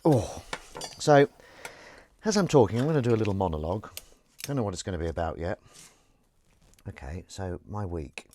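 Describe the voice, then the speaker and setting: A man with a fairly low voice talks casually and jokily while he does the dishes at home. Plates, pots and cutlery clatter clearly behind him. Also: animated, normal speed, long pauses, warm tone, slight background noise. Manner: chatty, self-aware, jokey. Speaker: live-stream host. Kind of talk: casual rambling monologue. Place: home kitchen at the sink.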